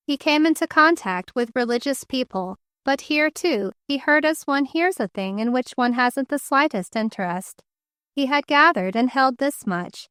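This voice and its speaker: Woman audiobook narrator, high smooth voice, measured reading, dry close studio sound. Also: no room sound. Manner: measured, even storytelling. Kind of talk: scripted narration.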